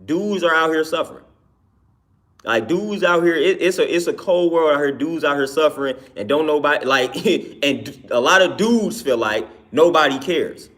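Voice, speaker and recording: Fairly high-pitched and a bit bright, the trainer's voice moves at normal speed with hardly any pauses. He delivers an earnest, laid-back monologue, often ending lines with "man" and repeating "you know what I'm saying."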